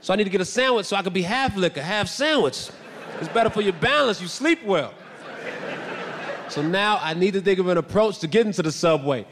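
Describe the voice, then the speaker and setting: A male comedian tells stand-up stories with a high, animated voice and keeps breaking into shouted bits. His voice rings out with a long hall reverb. Faint background ambience sits underneath. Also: brisk, a little hiss or hum.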